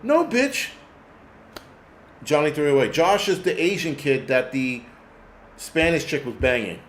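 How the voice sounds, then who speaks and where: A prepper channel host rants on his own show, loose, profane and meandering, often losing the word he's after. His medium-pitched voice moves at a normal speed, in an echoey room with a faint hum.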